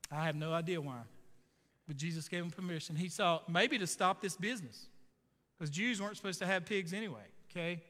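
A man's voice: high-pitched, fairly bright tone, big-room sound. A man preaching a sermon in a casual, joking way, often putting questions to the listeners. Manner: conversational, jokey, asks the audience questions. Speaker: pastor.

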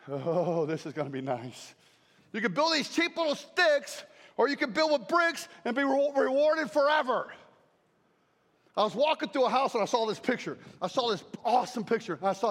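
A man preaching a sermon as a traveling speaker, animated and emphatic, shouting key phrases. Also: very high-pitched. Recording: echoey hall.

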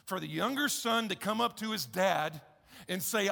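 Male pastor, sermon, repeats for emphasis, wry asides, gravelly voice, echoey church hall. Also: high-pitched, animated, normal speed, pushed and bright. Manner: conversational, emphatic, repeats key phrases, wry humor.

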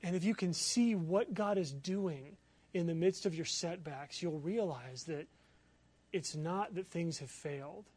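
A man preaching as a pastor, telling a personal story in an animated, excitable way with many fillers. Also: a little high, a little slow, husky. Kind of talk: sermon storytelling.

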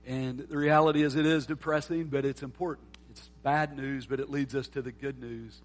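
A man preaching a sermon as pastor, moving between loud emphatic lines and quiet, soft reflection. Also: medium pitch, steady tone, normal speed, faint music behind. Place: church sanctuary.

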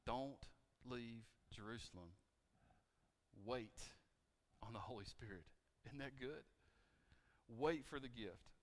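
A man preaching a sermon in a church, asking the congregation questions and moving between loud emphasis and quiet appeals. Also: medium pitch, takes it slowly. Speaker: pastor. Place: church sanctuary. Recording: reverberant church hall, mic cutting out.

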